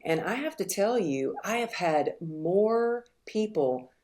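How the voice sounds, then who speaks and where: A middle-aged woman telling her story as a podcast guest, earnest and reflective, sometimes halting. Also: medium pitch, animated, a little mellow. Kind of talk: candid interview storytelling.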